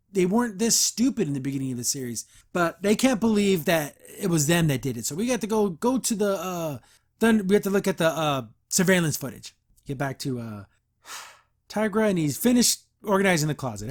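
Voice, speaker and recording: A male podcast host talks through a cartoon episode in a loose, casual recap. He keeps breaking off into mocking, disbelieving asides about what happens. His voice sits a little on the high side. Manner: mocking, incredulous asides with chuckles.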